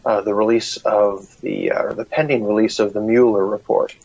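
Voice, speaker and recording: A man with a low, gravelly, husky voice co-hosts a casual live stream, stumbling through fillers and restarts. He sounds dry and dull, as if coming through a lo-fi internet call. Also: fairly even intonation, moderate pace, mellow, dry recording. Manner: hesitant, many fillers and restarts. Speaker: podcast co-host. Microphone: remote call over a bad connection.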